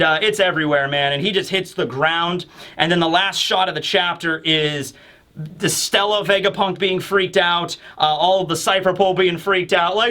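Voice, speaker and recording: A young man talks through a manga chapter in a casual, animated way. His voice sits high for a man and sounds bright and forceful. He keeps jumping up into even higher voices to act out the characters' lines. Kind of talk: casual recap and commentary.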